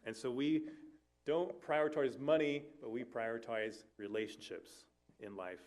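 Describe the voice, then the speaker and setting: A man's voice: medium pitch, measured pace, darkish tone. A man, a family life minister, preaching an earnest sermon to a church, with conversational asides and occasional self-corrections.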